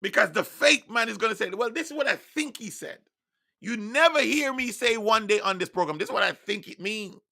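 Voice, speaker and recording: A man whose first language is Jamaican Patois preaches in an online sermon broadcast, his high, bright, gravelly voice animated and fairly quick. Emphatic and insistent, he sometimes rises to loud declarations, with a sharp, piercing edge.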